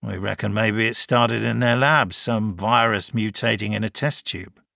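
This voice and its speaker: A man's voice: lowish voice, fairly even intonation, a little slow, gravelly, bright, forceful tone, no room sound, studio quality, heavily acted. A man voicing a dutiful male station officer in an audiobook, plain and subdued.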